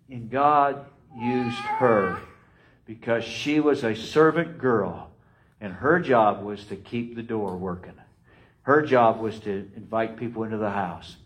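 A man preaching a sermon, emphatic and repetitive, swinging between loud rises and quiet drops. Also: mid-range voice, takes it slowly, poor audio. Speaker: pastor.

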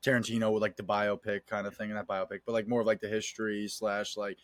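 Fast-talking excitable man, dry sound. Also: on the low side, no room sound. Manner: rapid, profane, excitable, acts out quotes. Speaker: podcast co-host. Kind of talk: casual film podcast chat.

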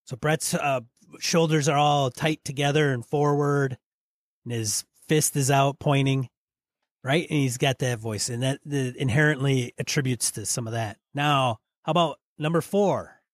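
A man's voice: medium pitch, measured pace, dry recording, studio quality. A man co-hosting a casual podcast, talking his partner through voice exercises. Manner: coaching, prompts his partner by name. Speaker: podcast co-host.

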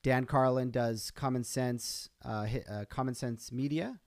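A man talks through a solo live stream in a loose, rambling way, stopping and restarting his thoughts. His voice sits at an ordinary middle pitch. The sound is close and dry. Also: fairly even intonation, a little slow, a little mellow, dry recording. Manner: rambling, chatty, self-interrupting with fillers. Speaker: podcast host.

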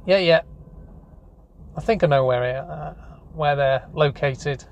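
Brief: man putting on a breezy seller, higher voice, mate-this mate-that. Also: a little slow, vocal fry, a little hiss or hum. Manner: chummy, breezy, calls everyone mate. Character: male Chinese phone seller who sounds English.

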